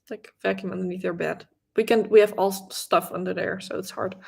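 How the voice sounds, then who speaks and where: A woman's voice: on the high side, gravelly. Young Dutch woman chatting on a livestream. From Netherlands. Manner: chatty, restarts words, soft laughs. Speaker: livestream host, knitting creator. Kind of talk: casual livestream chat reading comments.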